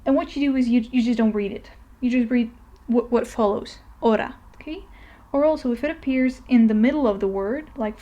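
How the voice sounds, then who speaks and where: A woman's voice: on the high side, mellow, lo-fi sound. Patient woman teaching pronunciation. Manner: patient, explains step by step with frequent "okay?" checks. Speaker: language teacher. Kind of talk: narrated language lesson.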